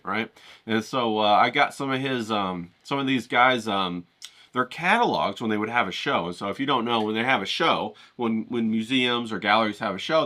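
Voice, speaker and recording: A man talks straight to his camera in a loose, joking vlog, wandering from one thought to the next and swearing freely. His voice is very bright, with a hard, forward edge. His pitch sits in the middle range. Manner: joking, rambling, profane, talks straight to viewers. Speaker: painter and vlogger. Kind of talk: casual talk to camera.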